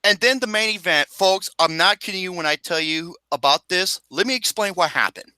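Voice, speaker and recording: A man hosting a casual ranking chat, ranting with plenty of profanity in an animated, exasperated way. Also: high-pitched, fairly quick, clean tone, no echo. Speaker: podcast host.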